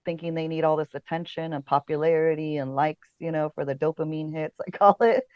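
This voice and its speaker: A woman's voice: deep voice, fairly even intonation, a little fast, clean tone, no echo, dull audio. A woman casting director talking as a podcast guest in casual chat, chatty and storytelling, with lots of fillers and frequent laughs.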